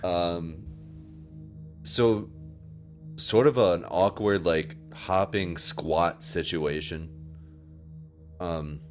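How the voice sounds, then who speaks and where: A man's voice: low voice, extremely slow, pauses often, soft background music. A man playing a tabletop game, joking and laid-back. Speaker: player. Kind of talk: casual tabletop game play.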